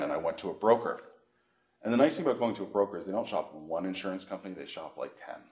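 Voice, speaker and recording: A middle-aged man from Canada, a financial educator giving a workshop, telling animated stories and acting out phone calls. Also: sits low, rapid-fire. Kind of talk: workshop presentation with anecdotes. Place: library meeting room. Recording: echoey room.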